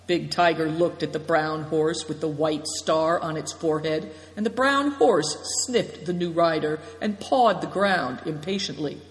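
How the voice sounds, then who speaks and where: A narrator reading an adventure story aloud, with lively, expressive storytelling. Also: medium pitch, measured pace, hardly any pauses. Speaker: audiobook narrator. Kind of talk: scripted narration. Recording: roomy echo with long reverb.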